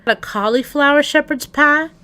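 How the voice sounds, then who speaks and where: A woman streamer with a bright, forward voice chats loosely with her audience. She rambles from thought to thought and keeps turning to talk to the viewers directly. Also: high voice, moderate pace. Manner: rambling, chatty, addresses chat directly. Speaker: livestreamer. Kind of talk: casual stream chat.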